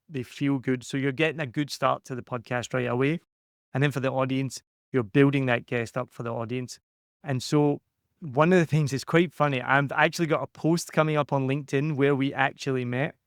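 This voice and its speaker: A man's smooth, resonant voice at a middle pitch, talking in an energetic, conversational way as he coaches a podcaster. He acts out little quotes as he explains. The sound is dry and close, with no room around it. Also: dry recording.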